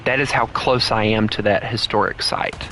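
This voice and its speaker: A man's voice: fairly low pitch, steady tone, moderate pace, bright, forceful tone, a little hiss or hum, low-quality recording. A man with a Southern US accent, streaming a game and chatting casually in a rambling, opinionated and blunt way. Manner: blunt, heated rants. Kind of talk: casual live-stream chat.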